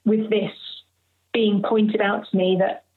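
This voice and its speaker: A woman's voice: medium pitch, level tone, takes it slowly. A woman in her thirties, an interview guest, telling a personal story candidly and with feeling, acting out what others said. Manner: candid, emotional, acts out others' speech. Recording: phone-like narrow audio.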